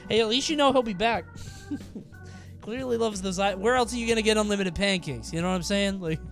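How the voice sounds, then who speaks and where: A young man streaming himself reacting to viewer stories, animated and quick to exclaim and swear. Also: high voice, faint music behind. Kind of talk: casual reaction commentary.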